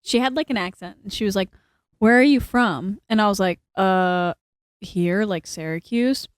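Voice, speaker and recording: A teenage girl telling a story in a casual podcast chat, animated, full of "like" and acted-out dialogue. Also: mid-range voice, moderate pace, clear, resonant tone, no room sound, clean studio sound. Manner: animated, lots of "like", acts out quoted dialogue.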